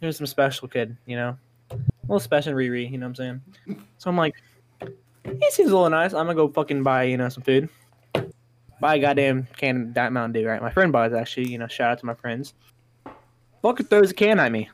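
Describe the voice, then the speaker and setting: A man in casual conversation tells crude school prank stories. He swears nearly every line and jumps up in excitement when he hits the punchlines. His voice sits at an ordinary middle pitch. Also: a little fast, a little hiss or hum. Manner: profane, rowdy, excitable anecdotes. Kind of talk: casual storytelling chat.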